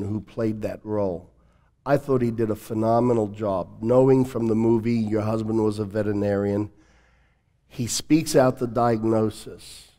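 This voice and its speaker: Brief: male pastor host, lowish mellow voice, conversational interviewer. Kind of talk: church talk-show interview.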